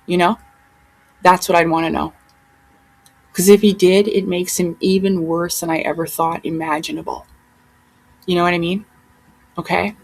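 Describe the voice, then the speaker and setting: A woman's voice: lowish voice, fairly even intonation, moderate pace, creaky, pauses often, slightly rough, poor audio. A woman vlogger talking straight to her viewers in a heated, rambling, profane monologue. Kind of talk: casual ranting monologue.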